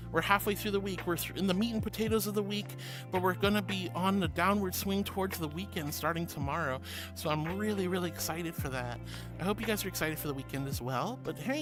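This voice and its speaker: A woman streaming and reading her chat aloud, bubbly and sweet, calling viewers sweetie. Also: mid-range voice. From Florida. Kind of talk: casual chat. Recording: music playing behind.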